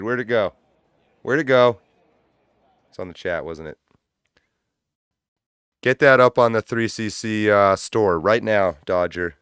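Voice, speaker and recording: Guy running a livestream, cursing a lot and cracking up, smooth voice, dead dry mic. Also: fairly low pitch, a little slow, pauses often, no room sound. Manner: loose, profane, laughs loudly. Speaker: livestream host. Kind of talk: casual livestream chat.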